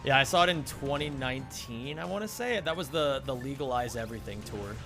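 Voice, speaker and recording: A man's voice: mid-range voice, animated, fairly quick, a bit bright, soft background music. A young man speedrunning a game, rambling through a funny story with frequent laughs and casual swearing. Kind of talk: casual chat while gaming.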